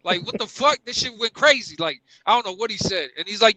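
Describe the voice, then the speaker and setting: A man with a high, sharp, bright voice tells rowdy, profane stories. The sound is dry and close, with no room around it. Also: a little fast, no room sound, poor audio. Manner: animated, profane storytelling. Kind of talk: casual chat.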